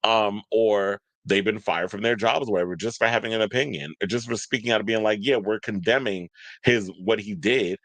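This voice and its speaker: A man's voice: on the low side, fairly quick, fairly bright tone, no room sound, rough recording. A man hosting a podcast, giving casual commentary in a loose, profane and gossipy way that rambles from point to point. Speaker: podcast host.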